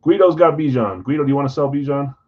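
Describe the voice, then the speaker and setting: A man hosting a live stream at a middle pitch, chatting loosely and calling out buyers' names as he goes. He sounds scattered and jokes at his own expense. The audio is dull and lo-fi. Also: fast. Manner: casual, scattered, self-deprecating, reads off buyers' names. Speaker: card break host. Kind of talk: live-stream chat running trades.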